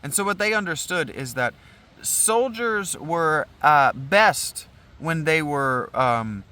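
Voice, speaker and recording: A man's voice: a little high, expressive, takes it slowly, bright, forceful tone, clear, resonant tone. Wry man in chatty asides. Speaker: podcast host reading a play. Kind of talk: casual aside while reading.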